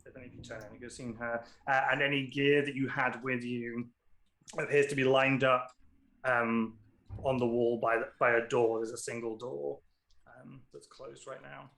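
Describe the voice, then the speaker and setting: A man's voice: mid-range voice, flat delivery, moderate pace, creaky, a bit bright. A man narrating and running a tabletop game as game master, casual and often laughing. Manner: casual, laughing, loose with fillers.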